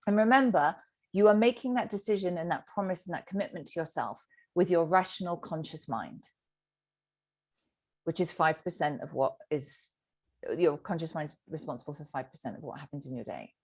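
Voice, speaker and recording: A middle-aged sobriety coach teaches a group session in a deep, husky voice at a moderate pace. She's animated, acting out the inner voice as she speaks.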